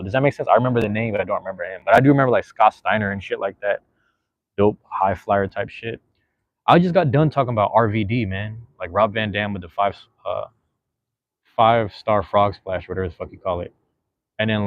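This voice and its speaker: The recording is muffled and free of echo, capturing a man whose voice sits on the low side. As a podcast host, he reads the live chat in an easygoing, rambling style full of slang and fillers.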